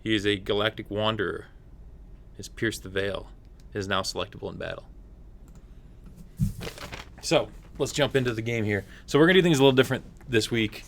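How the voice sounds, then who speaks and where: A man's voice: on the low side, a little fast, creaky, long pauses, a little hiss or hum. A man hosting a casual game livestream, chatty and upbeat, with frequent fillers. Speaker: stream host.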